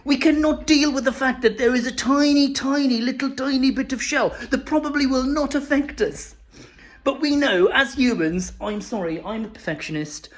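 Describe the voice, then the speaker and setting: A man doing an impression of an excitable, fussy male stand-up comedian who gets breathless and shrill as he rants. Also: moderate pace. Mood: exasperated. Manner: breathless, exaggerated, rising to shrill peaks.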